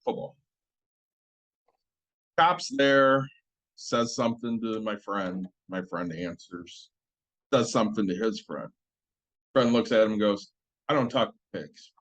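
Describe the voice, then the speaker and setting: A man's voice: on the low side, animated, slow, long pauses, fairly bright tone, poor audio. A man co-hosting a casual podcast chat, giving short agreeing replies and plainly retelling anecdotes. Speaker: podcast co-host.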